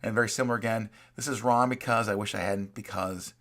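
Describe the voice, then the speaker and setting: A man's voice: on the low side, fairly even intonation, fast talker, fairly bright tone. A man teaching a college class in a recorded lecture, talking in a conversational way, reading quoted examples aloud and often checking in with "right?".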